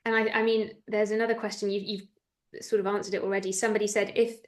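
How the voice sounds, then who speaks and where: A woman's voice: medium pitch, flat delivery, quick pace. Woman hosting a webinar, friendly, kinda hesitant, restarts her questions, video call. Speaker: webinar host. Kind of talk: conversational interviewing.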